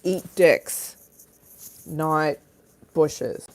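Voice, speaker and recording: A woman hosting a casual livestream on her phone, playful and crude, swinging between loud bursts and low mutters. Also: drawn-out words. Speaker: livestream host. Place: Los Angeles home.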